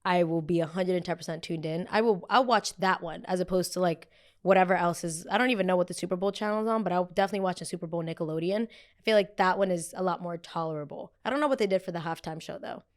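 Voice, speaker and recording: Young woman podcast host, slightly low voice, casual chatty recap full of excited asides. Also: fast talker. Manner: chatty and animated, many fillers and sudden excited exclamations. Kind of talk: casual solo pop culture recap.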